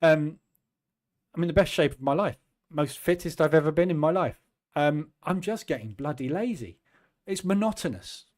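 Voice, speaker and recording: A man in his fifties hosting a trading channel, talking in a chatty, self-deprecating way and acting out his own quick asides. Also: on the high side, animated, darkish tone. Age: 50s. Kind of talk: casual chat.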